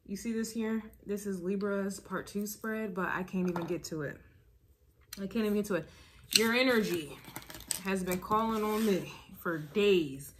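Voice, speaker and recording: Woman tarot reader, casual and emphatic, a bright, punchy voice that sits a little low, slight background hiss. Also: moderate pace. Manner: emphatic, repeats herself, checks in with "all right?" and "okay?". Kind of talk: casual tarot reading to camera.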